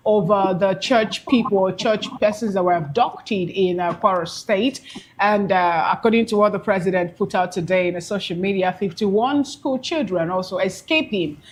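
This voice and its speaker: Woman co-hosting a talk show, mid-pitched, asks long drawn out questions. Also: moderate pace, a little hiss or hum, rough recording. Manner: probing, leads into long questions. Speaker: co-host. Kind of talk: live TV discussion.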